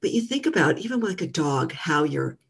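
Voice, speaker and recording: Gravelly-voiced woman coaching gently. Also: low-pitched, sing-song, fairly quick. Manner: gentle, warm coaching tone with many fillers. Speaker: guest, mental fitness trainer. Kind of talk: casual interview talk.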